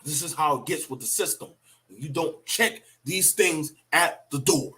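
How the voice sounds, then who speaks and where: A man's voice: a little high, moderate pace, sharp tone. A middle-aged man giving a blunt, profane, preachy opinion monologue about parenting. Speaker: commentator on parenting.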